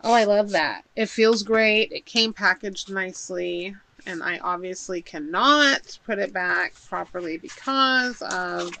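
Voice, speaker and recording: A woman with a bright, clear voice talks through a shopping haul in a room at home. Her delivery is chatty and gushing, and she thinks aloud as she unpacks each item. A faint noise sits beneath her voice. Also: mid-range voice, measured pace, rough recording. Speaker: haul vlogger. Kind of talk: casual unboxing chat.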